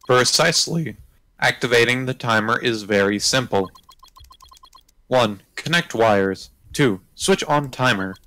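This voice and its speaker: A man voicing a stiff male bomb-squad witness, reading in a flat, clipped robotic way. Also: medium pitch, measured pace, low-quality recording. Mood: deadpan. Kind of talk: reading a game script aloud.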